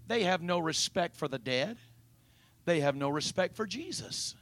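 A man's voice: a little high, lively intonation, normal speed, a bit bright. A man preaching a sermon, retelling a story dramatically and questioning his listeners directly.

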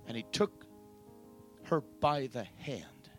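A man's voice: mid-range voice, lively intonation, slow, soft background music. A man preaching a sermon, retelling a story dramatically and questioning his listeners directly.

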